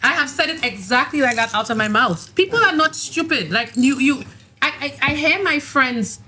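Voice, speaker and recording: A woman's voice: sits high, lively intonation, moderate pace. A woman on a podcast panel, talking bluntly and with heat in casual chat. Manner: fired up, blunt and forceful.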